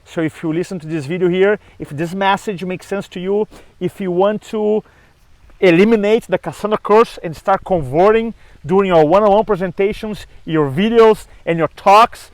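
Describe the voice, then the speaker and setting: High-voiced animated male storyteller. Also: moderate pace, no echo, low-quality recording. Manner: animated storyteller acting out dialogue. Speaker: speaking coach. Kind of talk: storytelling to camera.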